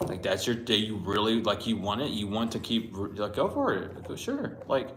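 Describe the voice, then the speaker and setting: A man's voice: lowish voice, very animated, normal speed, noisy background. A man giving a casual spiritual tarot reading, talking bluntly, swearing often and rambling. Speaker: tarot reader. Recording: roomy echo.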